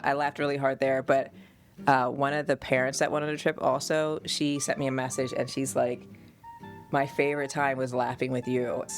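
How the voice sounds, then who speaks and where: Lively storytelling woman host. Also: extremely low pitch. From United States. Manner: animated storytelling, laughs often. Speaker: podcast host and mother. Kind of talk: casual family conversation.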